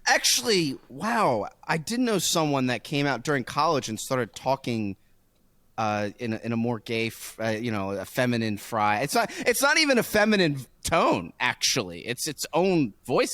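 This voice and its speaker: A man with a fairly high, very animated voice, chatting casually as a podcast co-host. He rambles through stories, laughs often and stretches some thoughts out slowly. The sound is dry and close, with no room around it. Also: no room sound. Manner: rambling, laughing, drawn-out storytelling. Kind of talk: casual chat.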